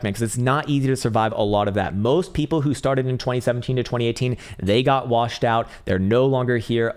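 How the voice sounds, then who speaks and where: A man hosting a live stream, casually talking through charts, thinking aloud and swearing freely. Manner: bursts into excited, high-pitched cheering. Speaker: livestream host answering chat about crypto charts.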